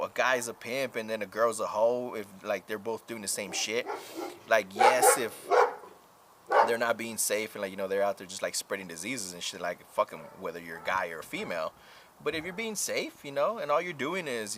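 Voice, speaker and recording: Male streamer, casual chat, profane and rambling, bright forceful tone, faint background hiss. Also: medium pitch. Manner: drawn-out filler-heavy talk. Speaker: live streamer.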